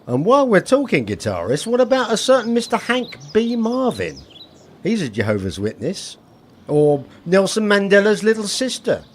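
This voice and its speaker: A man's voice: high voice, huge pitch swings, moderate pace, a little hiss or hum. A man playing an awkward door-to-door preacher in a comedy sketch, defensive and rambling.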